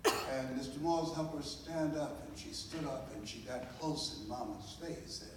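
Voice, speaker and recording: An older American man giving a live inspirational speech, telling a story with dramatic pauses and building to a preacher-like cadence. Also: mid-range voice, background noise. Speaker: motivational speaker. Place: large hall with a live audience. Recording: echoey hall from far off.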